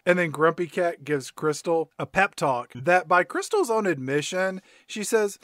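A man on a podcast retells a bad movie scene by scene, mocking it and laughing often. His voice is high and swings widely in pitch, with a bright edge, and it sounds dry and close. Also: animated, measured pace, hardly any pauses, no echo. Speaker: podcast co-host. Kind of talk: casual comedic movie recap.

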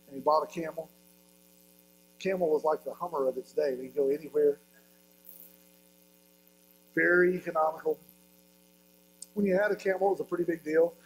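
A man's voice: fairly high pitch, steady tone, moderate pace, pauses often, slight background noise, low-quality recording. A male pastor giving a sermon, telling a story with humor and acting out voices.

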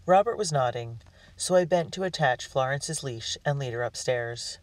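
A man narrating a storybook in the first person with an earnest, expressive delivery. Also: medium pitch, normal speed, no echo. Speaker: audiobook reader. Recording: dry, distant mic.

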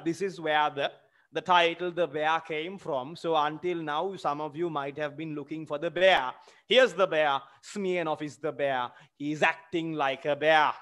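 A man teaching a literature lesson, halting with many fillers and checks. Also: fairly high pitch, steady tone, fairly bright tone. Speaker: literature lecturer.

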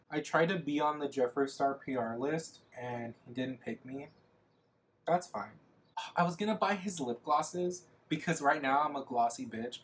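A man's voice: mid-range voice, slight background noise. Young male makeup vlogger, chatty and rambling, self-deprecating, lots of fillers, recorded on a camera mic at home. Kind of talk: casual get-ready-with-me chat.

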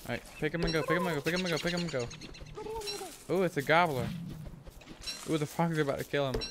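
A man casually talking through his gameplay as a streamer, rambling and thinking aloud, with sudden excited whoops. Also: on the high side, fast, noisy background. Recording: game music playing under the voice. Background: game music.

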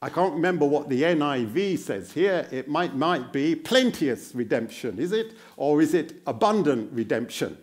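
A man's voice: a little high, lively intonation, normal speed, few pauses. A man giving a sermon as a guest preacher in a church. He quizzes the congregation in an earnest, encouraging way and repeats phrases for emphasis.

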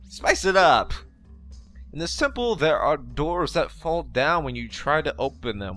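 This young let's play gamer has a medium-pitched, sharp-toned voice and keeps his gameplay commentary casual and jokey. He talks back to the game, swears now and then, and records on a facecam desk mic with game music beneath.

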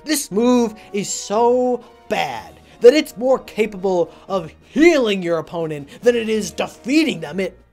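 A woman narrating her own comedy video in a swinging, expressive voice that climbs and drops freely. She plays every line for drama. Soft music runs underneath her. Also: mid-range voice, unhurried, few pauses. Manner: melodramatic, theatrical ranting. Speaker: video creator.

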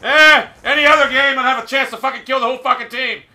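A man ranting angrily while playing a video game, swearing constantly and often shouting. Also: very high-pitched, fairly even intonation, rapid-fire, a little hiss or hum. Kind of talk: angry gameplay commentary.

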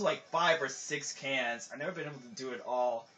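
A man's voice: mid-range voice, fairly quick, hardly any pauses, pushed and bright. Rambling lo-fi let's-play guy. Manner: rambling, filler-heavy, trails off mid-sentence. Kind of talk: casual gameplay commentary. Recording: dull lo-fi recording with game music under it.

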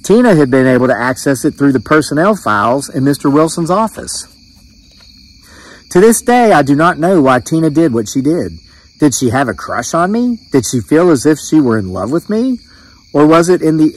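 A man's voice: a little high, sing-song, moderate pace, poor audio. A man reading his own true story aloud in a plain, conversational way, then chatting with a few fillers. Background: crickets chirping.

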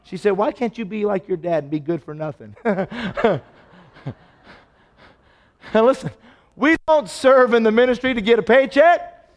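A man preaching a sermon, telling stories and acting out the dialogue, his voice swinging from loud to hushed. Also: high-pitched, measured pace, long pauses, long reverb tail. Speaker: pastor. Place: church sanctuary.

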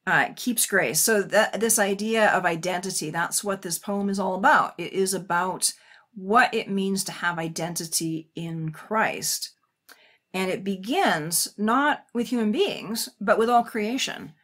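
Woman guest on a podcast, editor of a poetry book, talks fast and eager, lots of restarts. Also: mid-range voice, fairly bright tone. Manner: quick, eager explaining with many restarts.

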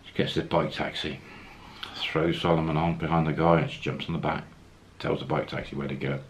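A man's voice: very deep voice, little pitch movement, brisk, a little hiss or hum. A man casually telling a travel story, acting out the quoted lines as he goes. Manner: anecdotal, acts out quoted lines, chuckles.

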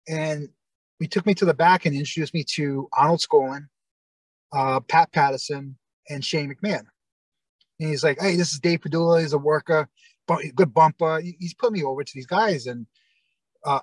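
A man's voice: fairly high pitch, husky, no room sound, poor audio. A man, a guest in an interview, telling a long story in a rambling way with many fillers and restarts, acting out other people's lines.

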